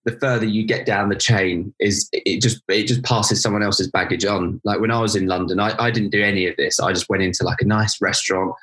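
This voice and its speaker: A man hosting a podcast in casual chat, animated and acting out quotes. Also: a little fast, few pauses. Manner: animated, acts out quotes in high voices. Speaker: podcast host.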